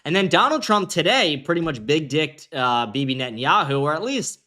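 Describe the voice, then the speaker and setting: A man's voice: on the high side, big pitch swings, moderate pace, pushed and bright. A man hosting a livestream commentary show from a green-screen studio, ranting in a brash, profane way. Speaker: host.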